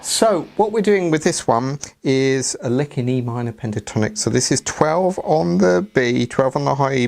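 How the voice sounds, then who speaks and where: A man's voice: mid-range voice, animated, moderate pace, creaky, hardly any pauses. A man hosting a casual interview and teaching guitar licks, friendly and fond of tag questions.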